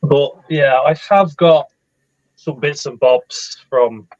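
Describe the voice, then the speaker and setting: A man's voice: medium pitch, takes it slowly, a little mellow, no room sound. A man with a Liverpool accent hosting a live stream, chatting casually and reading out viewer comments. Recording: dull, dry lo-fi webcam mic.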